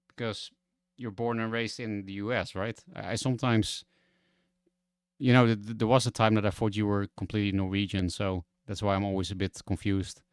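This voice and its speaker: A man's voice: on the low side, clear, resonant tone, no echo, clean studio sound. A man whose first language is Dutch, chatting frankly and rambling on a game stream. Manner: frank, rambling, restarts often. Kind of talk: casual stream chat.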